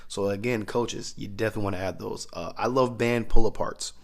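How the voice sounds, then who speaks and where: A man's voice: fairly low pitch, steady tone, brisk, gravelly. A man talking as a strength coach, explaining training methods in a loose, conversational way. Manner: conversational, loose, with restarts and asides. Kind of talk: casual instructional talk.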